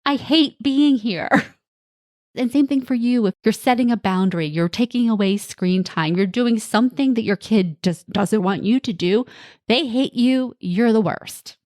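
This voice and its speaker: Speaking at a normal speed in a mid-range, slightly mellow voice, a woman coaches listeners on her solo parenting podcast. Her tone is reassuring and direct, and at times she acts out lines from kids and parents; the audio is clean, studio-grade and free of room sound.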